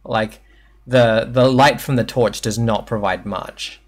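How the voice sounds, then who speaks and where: A man's voice: fairly low pitch, steady tone, measured pace. A man narrating as game master in a tabletop game, rambling with lots of fillers and frequent laughs.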